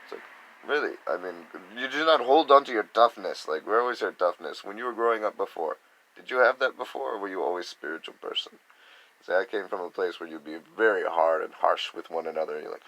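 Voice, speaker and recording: A man's voice: sits low, fairly quick, a bit bright, slight background noise, rough recording. A man giving a rambling, casual spiritual talk, acting out other people's reactions in quoted voices. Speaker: spiritual speaker.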